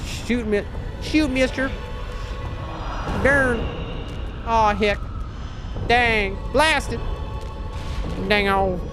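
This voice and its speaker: A man voicing a folksy old-timey rural American man who grumbles in mild curses, with high, twangy exclamations. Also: drawn-out words, pauses often, over music, full character voice. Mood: flustered.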